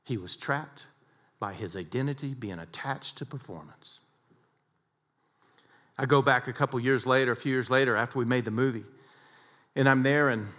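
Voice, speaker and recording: Animated male storytelling speaker. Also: medium pitch. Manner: animated storytelling, swings between soft and loud. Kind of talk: inspirational storytelling talk.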